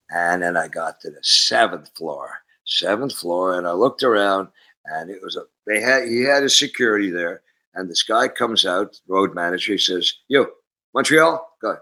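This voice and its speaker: Lively, bright-voiced older male storyteller. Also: sits low, breathy edge, poor audio. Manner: animated raconteur, acts out the voices in his stories. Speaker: musician guest. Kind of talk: casual storytelling interview.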